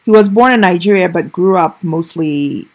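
A woman's voice: on the low side, normal speed, darkish tone. A woman from Ghana with a Ghanaian accent, chatting casually, hesitant and mostly giving short agreeing replies. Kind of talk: casual chat.

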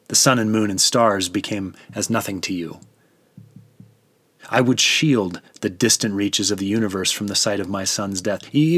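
A low, solemn voice of God the Father, grieving yet tender, as a male narrator voices him. He speaks in a measured, dramatic scripture reading, close and dry with no room around the voice. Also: husky, no echo.

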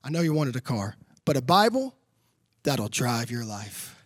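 A man voicing his pastor father, an older man speaking softly and earnestly to his son. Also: medium pitch, sing-song, a little slow, noisy background, voice pushed down. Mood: tender.

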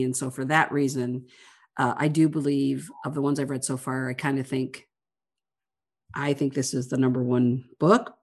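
A woman co-hosting a casual book-club podcast as a librarian, earnest and animated, often restarting her phrases. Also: sits low.

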